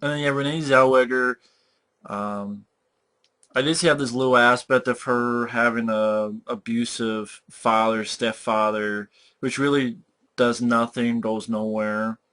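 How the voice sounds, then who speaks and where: A man rants through a movie review in an exasperated, profane way, swearing often. His voice sits at an ordinary middle pitch and jumps up when he is outraged. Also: steady tone, measured pace, a bit bright, smooth. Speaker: film reviewer.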